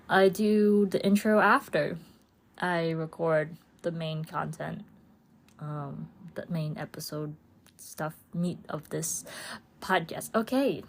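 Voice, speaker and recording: A woman chats through her solo podcast at an unhurried pace. Her voice sits a little low. She rambles warmly, laughing often and slipping into playful voices for her own inner thoughts. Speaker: podcast host. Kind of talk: casual solo podcast chat.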